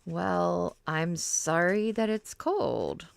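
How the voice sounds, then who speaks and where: A middle-aged woman from Ohio, US hosts a crafting livestream, chatting casually and rambling with fillers while she works. Her voice is fairly low and expressive, with vocal fry and a very slow delivery.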